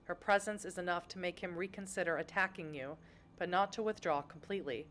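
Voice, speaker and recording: A woman's voice: lowish voice, fairly quick, a bit bright, a little hiss or hum. A young woman streaming a narrative game, reading its text aloud and chatting with her viewers between passages.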